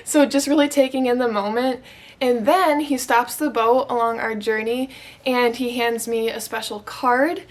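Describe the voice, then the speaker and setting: A woman's voice: fairly high pitch, fairly even intonation, measured pace. A young woman from Michigan telling her proposal story to the camera, gushing and emotional, with lots of "like.". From Michigan, USA. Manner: gushing, emotional, heavy use of "like". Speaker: vlogger.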